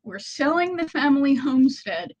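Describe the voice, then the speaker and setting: A woman with a fairly high voice chats informally straight to her laptop from inside a house. She corrects herself now and then as she explains her ideas. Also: very animated, normal speed, darkish tone, lo-fi sound. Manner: chatty and informal, with small self-corrections. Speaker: content strategist. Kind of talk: casual talking-head video. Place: house, indoors. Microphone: laptop built-in mic.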